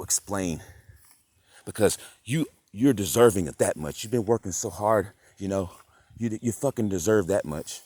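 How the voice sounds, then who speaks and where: Brief: low-pitched male vlogger, rambling profane rant, dry room, flips between mumbles and loud outbursts. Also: dry recording. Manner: profane, ranting, swings from mutter to loud outbursts. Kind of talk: rambling monologue.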